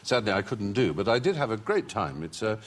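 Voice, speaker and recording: An English man, a talk show guest, telling wry, articulate anecdotes in a husky voice. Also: lowish voice, big pitch swings, brisk. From England. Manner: articulate, wry storyteller who breaks into put-on voices. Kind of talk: anecdotal chat.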